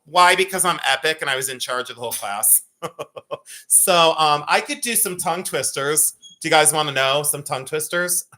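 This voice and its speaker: A man in his fifties hosting a live jewelry sale, chatting loosely and breaking into rapid auctioneer chant. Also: on the high side, expressive, sharp tone. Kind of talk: live-stream sales chat.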